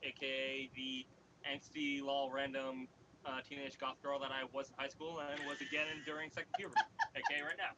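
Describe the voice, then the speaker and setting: A man's voice: medium pitch, little pitch movement, brisk, muffled recording, very noisy. A man introducing himself as a player with wry, self-mocking humor. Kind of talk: casual tabletop game chat.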